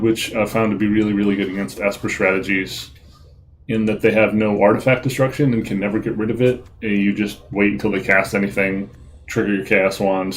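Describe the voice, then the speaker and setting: Low-voiced man casually commenting gameplay. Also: a little hiss or hum, low-quality recording. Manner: relaxed, self-deprecating, frequent ums and uhs. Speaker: gaming video host.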